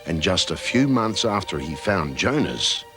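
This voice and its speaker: A man giving scripted documentary narration in a measured, solemn manner. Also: deep voice, sing-song, a bit bright. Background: background music.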